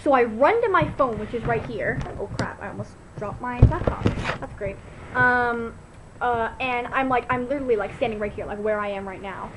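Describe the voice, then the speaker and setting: A teenage girl with a somewhat high voice tells a long story to her webcam. She talks in a casual, animated way, peppering every sentence with "like" and fillers. She is recorded at home on a laptop with a faint hum of room noise behind her. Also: normal speed. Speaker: vlogger. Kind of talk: casual chat to camera. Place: at home, indoors.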